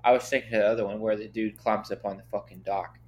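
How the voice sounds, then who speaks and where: A young man, a podcast guest, chatting casually and animatedly, cursing a lot and getting loud when worked up. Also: lowish voice, fairly even intonation, quick pace, slight background noise. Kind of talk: casual chat.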